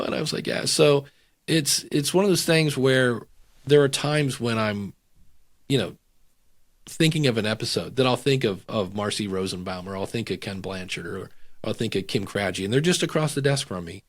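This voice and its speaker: A middle-aged man, a podcast guest, chatting casually and telling lively anecdotes in which he acts out the voices of the people in them. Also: medium pitch, moderate pace. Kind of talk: casual storytelling chat.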